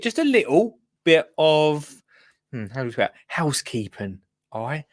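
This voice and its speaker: Lively jokey man hosting. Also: mid-range voice, dry recording, clean studio sound. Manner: chatty, jokey, greets viewers by name. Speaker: host. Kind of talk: live call-in show hosting.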